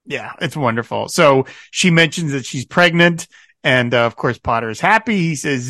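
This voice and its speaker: A man co-hosts a podcast, animated and quick to laugh as he retells scenes and quotes the characters. His voice sits a little high, and the sound is dry and close, with no room around it. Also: no room sound. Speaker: podcast co-host. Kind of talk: casual chat recapping a TV episode.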